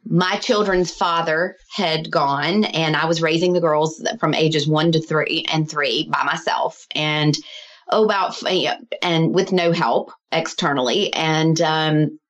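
A middle-aged woman, a healer and author, chats casually as a guest on a podcast. Her voice is deep and steady and a little slow, and she laughs often and acts out her own quotes.

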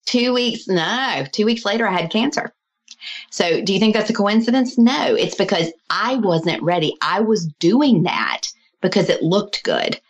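A woman's voice: mid-range voice, lively intonation, unhurried, muffled recording. A middle-aged woman, a healer and author, chatting casually as a guest, laughing often and acting out her own quotes. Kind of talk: casual podcast conversation.

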